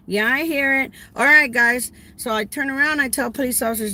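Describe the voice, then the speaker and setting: A woman's voice: high-pitched, brisk, few pauses. A middle-aged woman caregiver tells a story to her viewers in a casual way, acting out the dialogue and raising her voice when she quotes herself. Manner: animated, acts out dialogue, raises voice when quoting herself.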